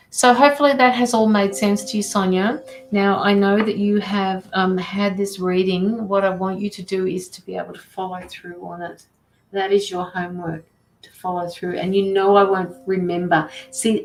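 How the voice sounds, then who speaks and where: A woman's voice: medium pitch, slight background noise. A middle-aged woman giving casual tarot and mediumship readings on a livestream, chatty and rambling, blunt and swearing freely. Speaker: intuitive tarot and mediumship reader. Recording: roomy echo.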